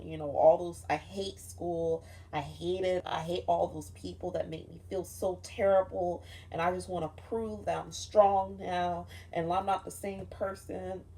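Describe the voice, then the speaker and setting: In a lowish, dark voice, a young woman vlogger rambles casually through a dream she had, cursing often and filling her speech with "like."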